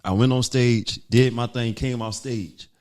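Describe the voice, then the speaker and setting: A man from North Carolina, a comedian guest telling a story in a casual, animated way and acting out what others said. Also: mid-range voice, a little slow.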